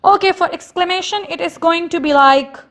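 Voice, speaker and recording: A woman teacher from Pakistan giving a recorded lesson to young pupils, explaining slowly and repeating example sentences with stress. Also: very high voice, fairly bright tone. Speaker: school teacher.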